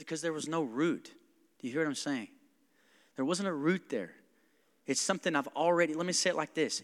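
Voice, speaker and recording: A man's voice: on the high side, a bit bright, in a large hall. A young man preaching a sermon in a church, talking casually and animatedly with frequent asides to the congregation. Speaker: pastor. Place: church sanctuary.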